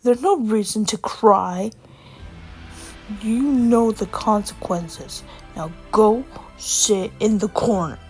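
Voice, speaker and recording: A strict, patient dad laying down the rules in a storybook tale, read by a woman. Measured, slow and firm, with a gravelly texture and soft music underneath. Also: medium pitch. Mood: stern. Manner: firm, scolding. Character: stern strict father, patient but firm.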